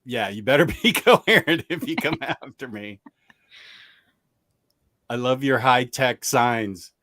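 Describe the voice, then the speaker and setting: A man chats loosely as the host of a livestream, reading viewer comments aloud and tossing in self-mocking jokes. His voice sits at an ordinary middle pitch, and the sound is dry with no room echo. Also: animated, takes it slowly, sharp tone. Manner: rambling and self-mocking, laughs mid-sentence. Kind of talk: casual chat.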